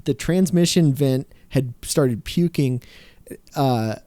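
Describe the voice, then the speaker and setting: A man who is a mechanic, telling a story in a casual podcast chat, animated and swearing freely with laughs. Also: mid-range voice, takes it slowly, no room sound.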